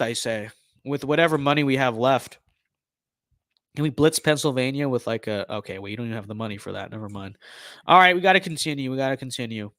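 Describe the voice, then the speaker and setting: A man's voice: mid-range voice, lively intonation, fast talker, fairly bright tone, dry recording, clean studio sound. A young man streaming a game, giving casual, playful commentary with mock-political banter while he thinks aloud.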